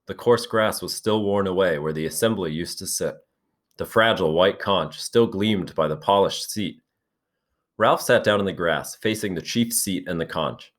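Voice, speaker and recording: A man, a teacher, reading a novel aloud in steady, measured narration. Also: low-pitched.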